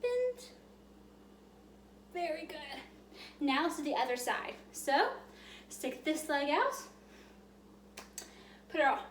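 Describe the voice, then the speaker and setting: A woman with a high, bright-pitched voice leads a children's yoga storytime. She talks in a cheerful, sing-song way as she walks small kids through each move. Her voice rings out in a roomy, echoey space. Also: slow, long pauses, slight background noise.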